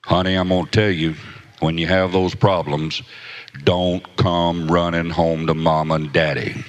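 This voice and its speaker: A man voicing a huge, gruff, protective father who threatens his daughter's groom in a deep voice, repeating "boy". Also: fairly even intonation, a little slow. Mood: stern. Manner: drawling threats, repeated "boy" and "I'm gonna tell you". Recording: echoey hall.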